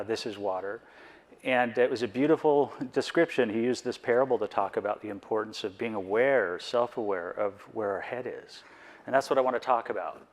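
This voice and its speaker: A man speaking at a conference in a mid-range voice, earnest and personal. He talks reflectively and poses rhetorical questions to the audience. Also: mid-range voice. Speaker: board member giving a conference talk.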